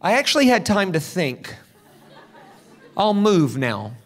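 A man from South Carolina, a guest preacher telling stories in an animated, dramatic sermon at a church service. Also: high-pitched, slow pace, crowd noise. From South Carolina, USA. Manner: animated, dramatic, acts out quotes. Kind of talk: storytelling sermon. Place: church service, large hall.

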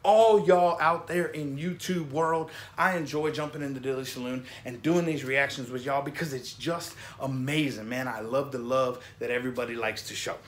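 A man from Florida hosting a music reaction vlog, talking in an excited, rambling way and dropping "man" and "you know what I mean" into nearly every sentence. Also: mid-range voice, normal speed, few pauses. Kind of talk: casual enthusiastic commentary.

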